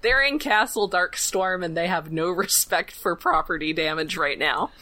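A woman podcast co-host giving a chatty, casual episode recap, laughing often and filling pauses with "uh". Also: fairly low pitch, bright, forceful tone, poor audio.

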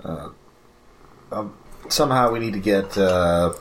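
A man co-hosting a casual chat about cartoons, pausing often with fillers. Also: low-pitched, slight background noise. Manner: hesitant, many "uh"s. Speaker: podcast co-host.

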